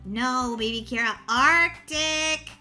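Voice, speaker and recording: A woman's voice: sits high, takes it slowly, sharp tone, faint music behind, pitched below the performer's own voice, heavily acted. A woman voicing a patient big sister coaxing a baby to talk.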